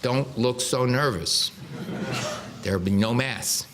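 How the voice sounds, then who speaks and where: A man's voice: medium pitch, slow pace, noisy background. A man in his sixties giving a public lecture from a podium to an audience, explaining with dry humor and frequent restarts. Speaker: guest speaker. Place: lecture hall before a live audience.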